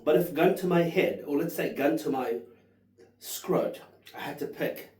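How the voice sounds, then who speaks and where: A man in his thirties tastes whisky and rambles through his notes, swearing freely and gushing about flavors. His voice is warm and mellow, and it sounds a little distant in a roomy, echoey space. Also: a little high, unhurried. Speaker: whisky reviewer. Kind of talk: casual tasting vlog.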